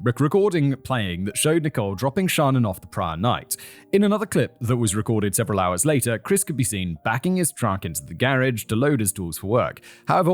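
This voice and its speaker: A man with a British accent hosting a podcast, reading a case aloud with rambling, self-mocking asides. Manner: rambling, self-mocking asides, climbs high when excited. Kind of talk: casual chat with read narration.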